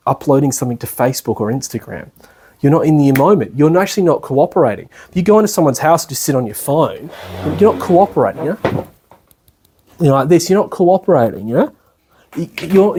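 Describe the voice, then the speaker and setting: There's slight background noise as an Australian man with a somewhat high, dark voice lectures informally at a retreat centre. Chatty and colloquial, he regularly checks in with the room and mimics the people in his stories while delivering his spiritual talk.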